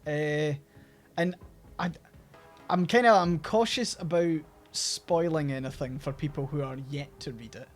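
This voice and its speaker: Casting: young Scottish male streamer, halting and self-correcting, voice sits a bit high. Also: soft background music. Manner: halting, many restarts. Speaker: streamer host. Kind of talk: casual chat while gaming.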